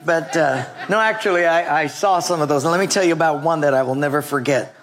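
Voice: medium pitch, fast talker. A pastor preaching a humorous sermon to a live congregation, telling funny stories and drawing call-and-response from the crowd. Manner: humorous storyteller, jokes with the congregation; leads call-and-response with the audience.

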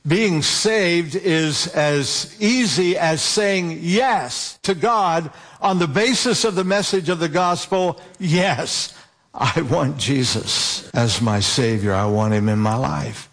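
A man preaching a sermon, slowly and deliberately, stretching out key words for emphasis. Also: fairly high pitch, fairly bright tone.

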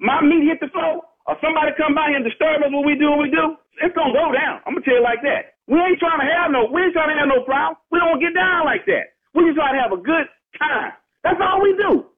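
Man on a phone line, very high voice, fast heated talk, tinny sound. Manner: heated, defensive, keeps saying "man". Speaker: prank call target. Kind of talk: phone call.

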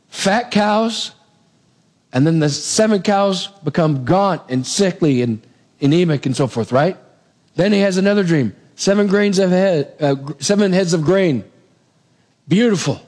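A man preaching to his congregation in a fairly high voice. He retells the story casually and jumps into acted-out voices for each character. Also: lively intonation, a little slow, darkish tone. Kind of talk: sermon.

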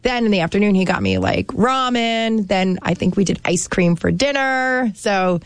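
A woman's voice: mid-range voice, moderate pace, smooth, no echo. A woman from New Jersey co-hosting a casual chat, telling stories with lots of fillers. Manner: chatty, lots of fillers, animated storytelling.

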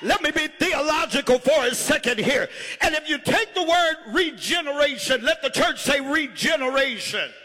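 At normal speed and with hardly any pauses, a man preaches in an extremely high, animated voice that echoes as if in a big room. He shouts and drawls his lines, prompting the congregation to respond and elongating words to drive his points home.

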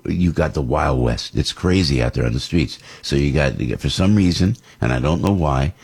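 A man's voice: extremely low pitch, darkish tone, slightly rough. A man from New Jersey hosting a talk radio show, delivering a rambling, indignant political monologue.

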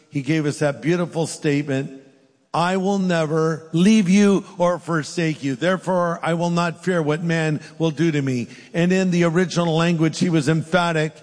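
A man preaching a sermon, telling scripture stories with animated emphasis. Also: fairly high pitch. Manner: animated storytelling, voices scripture characters. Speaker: pastor. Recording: long hall reverb.

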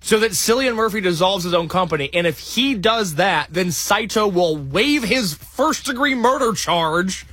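Man, high-pitched, lively delivery, husky tone, wry movie chat, dry close mic. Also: normal speed, hardly any pauses, dry recording, soft background music. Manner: animated, wry and exasperated. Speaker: podcast co-host reviewing a movie. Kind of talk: casual chat.

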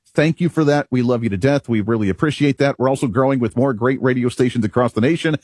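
A man's voice: medium pitch, fast talker, darkish tone, husky, no echo, studio quality. A male radio talk show host delivering an opinionated monologue, emphatic and rhetorical, chuckling at himself now and then.

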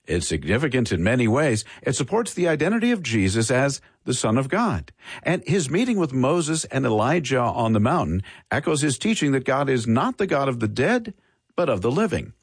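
A man's voice: mid-range voice, sing-song, moderate pace, breathy edge, dry recording, clean studio sound. A man, the show's host, reading a scripted introduction with varied emphasis. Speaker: show host introducing the guest. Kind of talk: scripted narration.

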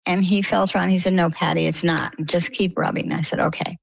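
An older woman from Maine tells her story as an interview guest, her voice low and gravelly. She acts out each quoted exchange as she goes. The sound is dry and close, with no room around it. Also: fairly even intonation, brisk, dry recording, rough recording.

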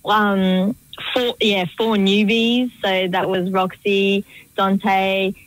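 A woman's voice: mid-range voice, flat delivery, very slow, no room sound, poor audio. A young woman, a choreographer chatting in a radio interview, rambling and full of "like" fillers. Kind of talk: casual interview chat.

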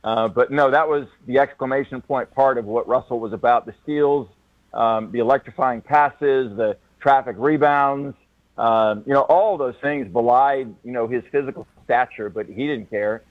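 A radio announcer calling in as a guest, speaking in a thoughtful, halting way with many restarts. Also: male voice, medium pitch, no echo. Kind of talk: phone-in interview. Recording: tinny phone line.

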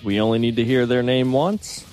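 A man's voice: medium pitch, normal speed, darkish tone, faint music behind. A man working as a show's video producer, laid-back, explaining the rules of a trivia game. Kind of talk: casual studio chat.

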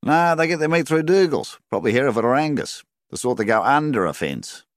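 A pushy, talkative cattle agent, voiced by a man in an audiobook. The voice jumps well above the reader's own deep range and stays close and dry. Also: expressive, brisk, no room sound, close to an everyday voice. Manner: pushy, keeps pressing a sale.

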